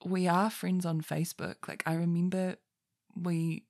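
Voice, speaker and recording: A woman's voice: fairly low pitch, flat delivery, a little slow, darkish tone. A young woman hosting a podcast in a casual solo monologue, rambling and chatty, often breaking off mid-sentence and laughing at herself. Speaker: podcast host.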